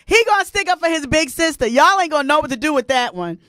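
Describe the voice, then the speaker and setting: A woman hosting a casual live stream, animated and laughing often, greeting viewers by name. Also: high-pitched, fast talker, dry recording, studio quality. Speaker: host.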